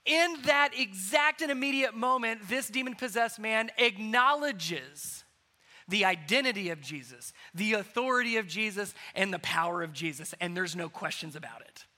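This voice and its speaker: High bright-voiced preacher, animated. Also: male voice, normal speed. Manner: animated, swings from loud emphasis to hushed. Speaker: pastor. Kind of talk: sermon.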